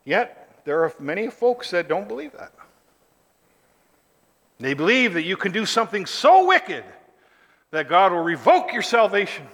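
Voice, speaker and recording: A preacher with a very high, bright and forceful voice delivers an emphatic sermon. He swings between quiet asides and shouted declarations, and his voice rings out with a long hall reverb. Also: sing-song, unhurried, pauses often. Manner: emphatic, rises to shouted lists.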